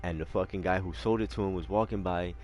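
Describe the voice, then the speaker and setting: Deep-voiced casual co-host, swears a lot and acts out stories. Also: male voice, quick pace, slight background noise. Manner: profane, animated storyteller. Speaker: stream co-host. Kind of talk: casual chat.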